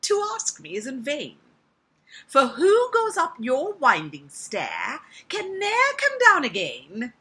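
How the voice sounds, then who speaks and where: A woman voicing a wise, wary little female fly in a dramatic poetry recitation, high and emphatic. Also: huge pitch swings, slow, bright, forceful tone, heavily acted. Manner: shrill, emphatic refusal.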